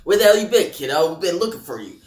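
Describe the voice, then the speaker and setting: A man voicing a gruff veteran army sergeant who talks in a folksy, gritty, protective way. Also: sits high, big pitch swings, quick pace. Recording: echoey room.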